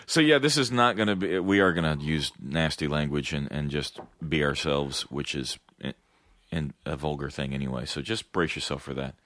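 A man's voice: rumbling low, moderate pace, fairly bright tone, no echo. An American man in casual chat as a podcast co-host, wry and joking, swearing freely. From United States.

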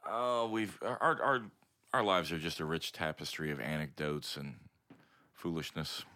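A man's voice: extremely low pitch, a little slow, bright, forceful tone, no echo, clean studio sound. A man co-hosting a podcast in casual chat, laid-back and teasing. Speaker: podcast co-host, musician.

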